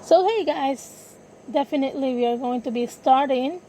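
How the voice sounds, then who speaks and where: A woman's voice: high-pitched, moderate pace, dark tone, slight background noise, low-quality recording. A woman hosting a casual sports podcast, talking hesitantly, correcting herself and apologizing often. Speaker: podcast host.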